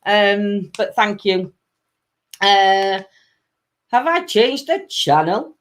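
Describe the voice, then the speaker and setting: A woman from Sheffield, England, with a South Yorkshire accent hosts a weekly live-stream chat show, reading viewer comments aloud and calling everyone "my lovely". Her mid-range voice is expressive and extremely slow, with long pauses.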